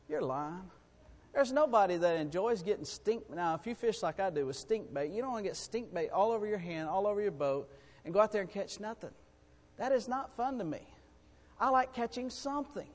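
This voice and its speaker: A man preaching a sermon in a folksy, emphatic way, swinging between loud and quiet. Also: high voice, expressive, normal speed, long reverb tail.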